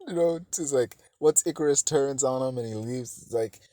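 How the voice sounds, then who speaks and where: A man's voice: medium pitch, normal speed, warm tone, no room sound, studio quality. A man hosting a podcast, giving a casual, rambling film review full of swearing and fillers. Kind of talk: casual movie review monologue.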